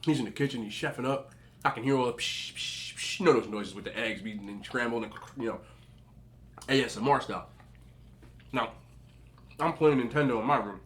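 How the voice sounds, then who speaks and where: A man's voice: mid-range voice, a little fast, long pauses. A young adult man telling chatty stories as a mukbang vlogger, eating and talking with his mouth full. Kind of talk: casual storytelling while eating.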